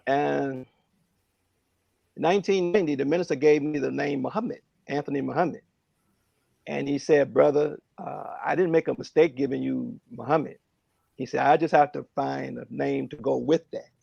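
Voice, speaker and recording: A man speaking earnestly and reflectively on a phone prayer line, in a halting way with many fillers. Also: medium pitch, vocal fry, warm tone, husky, dry recording, dull audio.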